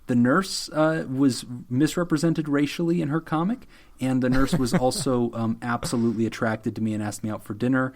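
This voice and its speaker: A man co-hosting a casual podcast, joking with deadpan mock apologies and laughing often. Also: mid-range voice, normal speed. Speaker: podcast co-host. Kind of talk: casual chat.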